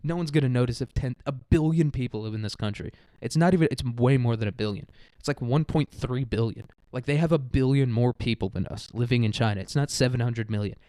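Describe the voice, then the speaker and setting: A man's voice: medium pitch, fairly quick, dark tone, no room sound. Profane laughing podcast guy, dry sound. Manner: profane, laughing often, slangy. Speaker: podcast host. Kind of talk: casual rambling comedic monologue.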